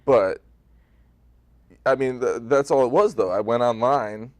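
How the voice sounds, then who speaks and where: A man, a stage actor, talking about his role in a relaxed, thoughtful, conversational way during a studio TV interview. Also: mid-range voice, measured pace, no room sound. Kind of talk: local TV interview.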